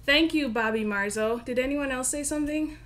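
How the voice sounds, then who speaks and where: Young woman chatting on a live stream from her bedroom, giggly and bright, high voice. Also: brisk. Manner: giggly, self-deprecating, chatty. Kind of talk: casual live stream chat. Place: home bedroom.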